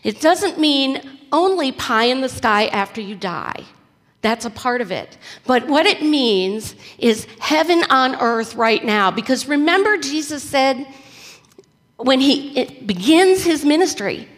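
A woman preacher delivering a storytelling sermon in a relaxed, conversational way. Her voice sits fairly high, and a long hall reverb follows every phrase. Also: unhurried.

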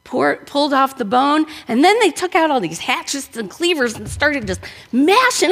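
A woman's voice: sits high, big pitch swings, moderate pace, a bit bright. A woman pastor from the northern United States, giving a conversational sermon full of rhetorical questions. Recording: long reverb of a large room.

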